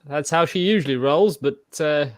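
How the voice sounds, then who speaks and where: A man's voice: on the high side, moderate pace, no echo. A man talks casually as a player in a tabletop game, hesitant and stammering. The sound is dry and close.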